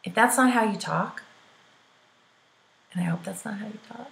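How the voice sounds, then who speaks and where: A woman's voice: a little high, expressive, measured pace, creaky, long pauses, fairly bright tone. A woman giving sales coaching to the camera, chatty and peppy, often checking in with "right?" and calling her listeners "girl". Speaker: direct sales trainer. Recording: roomy echo.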